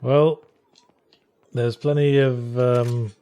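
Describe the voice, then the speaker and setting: A man's voice: medium pitch, little pitch movement, very slow, warm tone. A man with a mid-range voice chatting casually while playing a game, making dry, wry remarks. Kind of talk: casual chat over gameplay.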